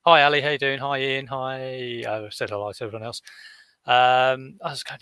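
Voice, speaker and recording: A man's voice: medium pitch, brisk, creaky, pushed and bright, dry recording. A man, chatting casually on a live stream as a reseller, rambling through stories with many fillers and restarts. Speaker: reseller vlogger.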